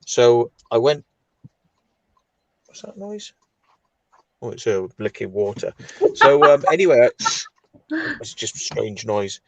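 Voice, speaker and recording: A man's voice: mid-range voice, moderate pace, no echo, highs cut off. A man from South Wales, chatting and telling indignant stories in a casual live chat. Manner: chatty, indignant storytelling, many fillers. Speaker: urban explorer, live chat co-host.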